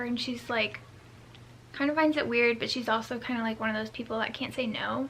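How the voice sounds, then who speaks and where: Young woman book vlogger, bright and slightly high, rambling casual chat. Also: fairly even intonation, a little fast, slight background noise. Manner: rambling, scattered, self-mocking asides. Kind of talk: casual reading vlog chat.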